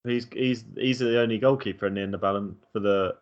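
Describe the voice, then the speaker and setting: A man's voice: fairly low pitch, fairly even intonation, fairly quick, dull audio. A man co-hosting a casual football podcast over a call, teasing with dry jokes. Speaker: podcast co-host.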